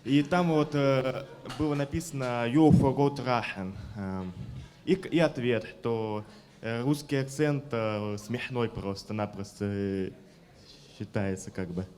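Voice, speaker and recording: A man in the audience speaking hesitantly, with many pauses and fillers. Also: mid-range voice, a little mellow.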